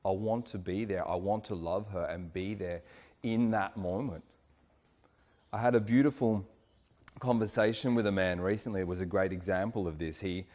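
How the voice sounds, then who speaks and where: Man, low-ish voice, earnest and reflective workshop leader. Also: darkish tone, big-room sound. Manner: earnest and reflective, slows on key words. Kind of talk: relationship coaching talk.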